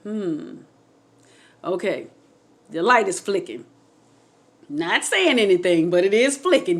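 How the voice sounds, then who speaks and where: A woman shares her own faith story on her channel, speaking straight to her viewers. She gets animated and excitable as she tells it. Her voice sits in a middle pitch. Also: slow pace, pauses often. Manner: testimonial, faith-filled. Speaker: channel host telling a personal story. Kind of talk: emotional personal storytelling.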